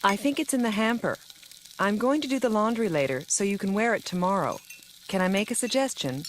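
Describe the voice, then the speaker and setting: A woman's voice: medium pitch, animated, a little fast, slight background noise, lightly acted. An actress playing a patient, practical mother in a scripted family dialogue. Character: calm, practical mother of two.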